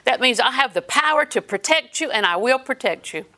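A woman's voice: high voice, lively intonation, brisk, pushed and bright. A woman preaching a sermon in an earnest storytelling way, quoting scripture as she goes.

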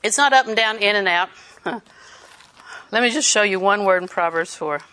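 Older female preacher, bright tone, lively anecdotal sermon delivery. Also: medium pitch, measured pace, a little hiss or hum. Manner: storytelling, animated, laughs while preaching.

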